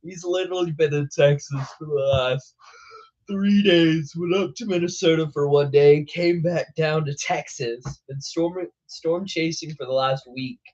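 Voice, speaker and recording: A relaxed young man talks slowly with a slightly high voice, chatting casually and laughing as he tells stories. The recording is a little dull and lo-fi. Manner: laid-back, laughing, says bro a lot. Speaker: weather show host. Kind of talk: casual live-stream chat.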